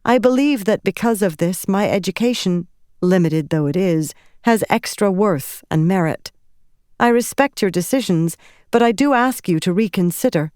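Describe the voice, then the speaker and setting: A woman's voice: medium pitch, normal speed, a little mellow, no echo, studio quality, close to an everyday voice. A woman voicing a formal, earnest young noblewoman who pleads her case respectfully. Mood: pleading.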